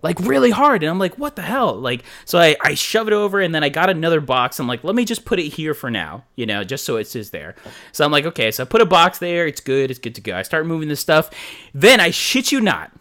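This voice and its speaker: Male podcast co-host, lively bright voice, swears a lot, acts out his reactions. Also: a little high, brisk. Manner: animated, profane, acts out his own reactions. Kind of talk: casual storytelling chat.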